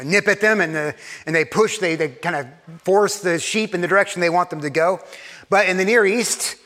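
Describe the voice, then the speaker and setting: A man preaching a sermon in earnest, pressing hard on key points and then dropping to a hushed, soft voice. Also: a little high, big-room sound. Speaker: pastor.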